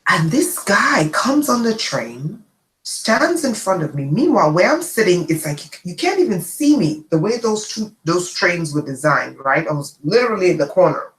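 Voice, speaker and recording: Woman host, casual storyteller, lively delivery, echoey room. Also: on the low side, normal speed. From immigrant to the United States. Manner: chatty, animated, checks in with "okay?". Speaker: channel host.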